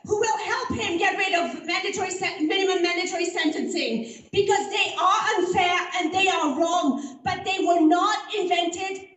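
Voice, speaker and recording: A woman's voice: extremely high pitch, normal speed, a bit bright. A woman from Oregon making a firm, pointed public comment at a community meeting, with some hesitant fillers. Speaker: local resident at a community meeting. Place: large community meeting hall. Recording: echoey hall recorded from far off.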